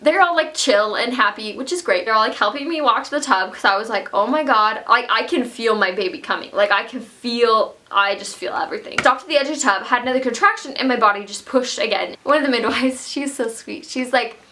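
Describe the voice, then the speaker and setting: A woman's voice: on the high side, a little fast, few pauses, bright, forceful tone. A young woman casually telling a personal story at home, chatty with many fillers. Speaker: vlogger. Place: home room.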